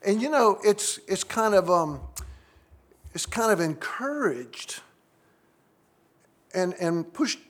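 A man's voice: sits high, big pitch swings, slow pace, long pauses, fairly bright tone. A middle-aged man, preaching a sermon to his congregation in an earnest way, often asking the listeners questions. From United States. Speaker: pastor.

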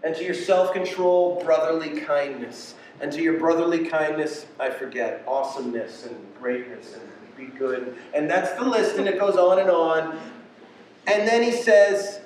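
A man preaching a sermon with passion, swinging between quiet and loud delivery. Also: a little high, moderate pace, a little hiss or hum. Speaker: pastor. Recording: echoey room from far off.

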